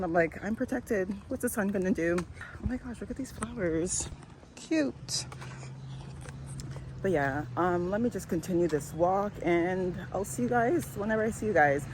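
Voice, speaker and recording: A woman's voice: lowish voice, noisy background. A woman in her twenties from Canada, chatting casually to her camera in a rambling vlog, full of "like" and "um", outdoors on a walk and then at home. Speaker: vlogger.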